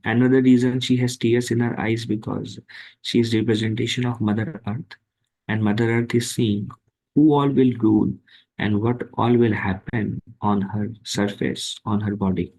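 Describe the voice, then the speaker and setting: A man giving a devotional scripture class, speaking slowly and haltingly with many fillers. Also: lowish voice, gravelly, darkish tone, low-quality recording.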